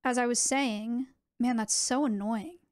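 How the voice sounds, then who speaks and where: A young adult woman chats casually with her stream viewers, animated and tossing in quick asides. Her voice is on the high side.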